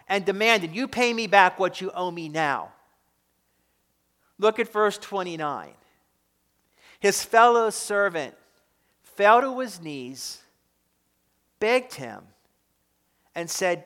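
High-voiced emphatic preacher man. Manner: emphatic, swinging between loud stresses and quiet drops. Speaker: pastor. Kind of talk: sermon. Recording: echoey hall reverb.

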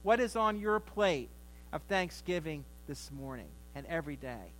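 A middle-aged man preaching at a Thanksgiving service, with a notably high voice. He talks in a relaxed, folksy way, sliding into homely stories and jokes to make his point. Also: moderate pace, a little hiss or hum, low-quality recording. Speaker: pastor. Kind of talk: Thanksgiving sermon.

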